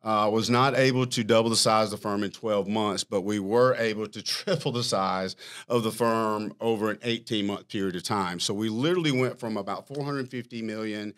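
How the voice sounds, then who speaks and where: A man's voice: fairly low pitch, normal speed. Self-mocking storytelling man. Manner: animated, self-mocking storyteller who laughs often. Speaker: firm CEO, podcast guest. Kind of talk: casual storytelling interview.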